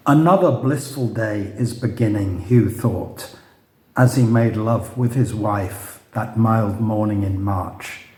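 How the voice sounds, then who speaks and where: A man's voice: on the low side, slow, darkish tone. A man, the author, reading his novel aloud to a live audience, making hesitant asides and telling his story dryly. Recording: roomy echo.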